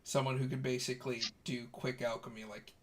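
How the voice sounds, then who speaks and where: A man running a tabletop role-playing game as game master, narrating the scene in a relaxed way with restarts. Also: mid-range voice, brisk. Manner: relaxed storytelling with fillers and restarts.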